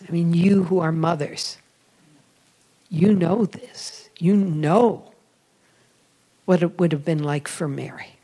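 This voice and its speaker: A woman giving a sermon-style testimony, storytelling and confiding, often dropping to a soft whisper for emphasis and laughing at herself. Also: fairly low pitch, takes it slowly, pauses often. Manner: self-deprecating, laughs at herself. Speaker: religious speaker with a radio program.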